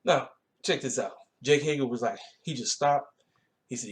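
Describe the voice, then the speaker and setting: A man's voice: medium pitch, normal speed. A man giving a casual, rambling recap of a wrestling show, talking. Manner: laid-back, colloquial, rambling with fillers.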